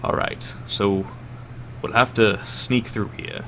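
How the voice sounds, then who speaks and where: A man voicing a mysterious cloaked man who speaks low, hushed and measured in a tabletop game. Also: slight background noise. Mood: hushed, guarded.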